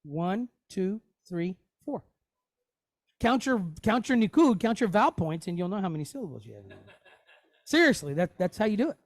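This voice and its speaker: A man teaching a Hebrew lesson in a relaxed, conversational way, often checking in with his listeners. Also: high-pitched, moderate pace, no room sound, studio quality. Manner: conversational, checks in often with "okay?" and "you know". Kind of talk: casual teaching, explaining on screen.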